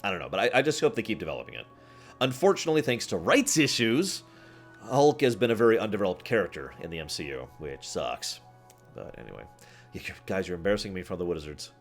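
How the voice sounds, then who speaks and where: Animated low-voiced guy chatting with stream viewers, quick to laugh. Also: faint music behind. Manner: rambling, animated, laughs often, quotes scenes. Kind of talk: casual chat with live chat.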